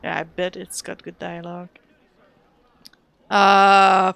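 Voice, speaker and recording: A woman's voice: lowish voice, little pitch movement, slow pace, gravelly, pauses often, a bit bright, dry recording. A woman streaming a role-playing game, chatting casually and thanking her viewers. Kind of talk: casual live-stream chat while playing.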